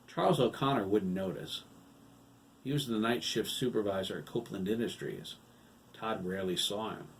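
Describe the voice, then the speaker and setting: A man narrating his own novel as an audiobook in a steady storytelling read. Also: fairly low pitch, recorded from a distance, a little hiss or hum, poor audio. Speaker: author and narrator.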